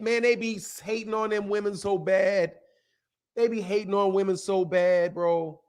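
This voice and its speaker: A man in his forties hosting a channel, talking in an animated, repetitive casual rant and laughing often. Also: high voice. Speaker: boxing channel host.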